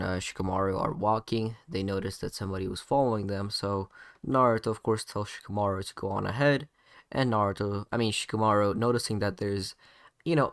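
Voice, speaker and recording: A man's voice: on the low side, a bit bright, dry recording, clean studio sound. A man casually narrating an improvised fan story, rambling with many fillers and self-corrections.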